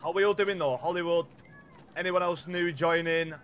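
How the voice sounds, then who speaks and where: A man streaming a shooter game, chatty and relaxed, greeting viewers and calling out to his squad over a headset mic. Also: fairly high pitch, moderate pace, slight background noise. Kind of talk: casual game voice chat.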